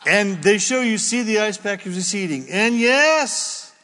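Rambling man with a high voice. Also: animated, measured pace, bright, forceful tone, long reverb tail. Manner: rambling, jokey asides, self-interrupting. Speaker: Christian radio or podcast host. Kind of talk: casual opinionated monologue.

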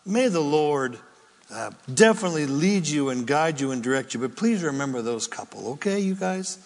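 A man's voice: fairly high pitch, expressive, moderate pace, a little mellow, big-room sound. A man hosting a Christian talk show, giving a rambling, jokey opinion monologue with frequent asides. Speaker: Christian radio or podcast host.

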